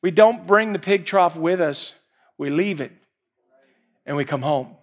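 High-voiced preacher, hushed to shouting. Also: male voice, measured pace. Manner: dynamic, swings from hushed storytelling to shouting. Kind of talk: sermon.

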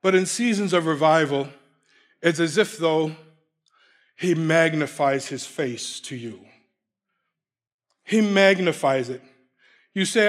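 A man's voice: fairly high pitch, animated, unhurried, long pauses. A man preaching a sermon, emphatic, repeating key phrases and laughing between points.

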